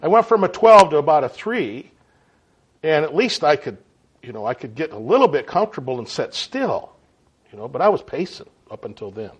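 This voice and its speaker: A man preaching a sermon in a folksy, animated way, often checking in with his listeners. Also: a little high, brisk, breathy edge. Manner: folksy, animated, frequent "right?" and "okay?" to the audience. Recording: dull lo-fi sound.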